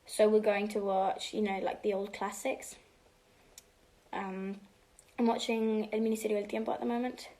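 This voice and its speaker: At a moderate pace and with little pitch movement, a teenage girl with a mid-range voice answers fan questions on a home livestream. She moves casually between English and Spanish, now and then dropping to a soft half-whisper.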